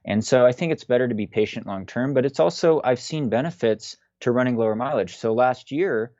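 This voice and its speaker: A man in his thirties, a guest chatting in a relaxed, rambling way with frequent fillers over a video call. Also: mid-range voice, a little fast, dry recording, muffled recording. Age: 30s. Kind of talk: casual chat on a video call.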